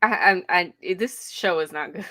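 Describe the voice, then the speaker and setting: A woman co-hosting a casual reality TV recap, opinionated and drawn-out in her storytelling. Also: on the low side, sharp tone. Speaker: podcast co-host.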